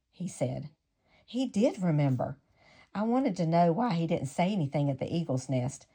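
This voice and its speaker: A woman reading a memoir aloud in a measured, unhurried way, stopping now and then for casual asides. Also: sits low, dark tone. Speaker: audiobook reader.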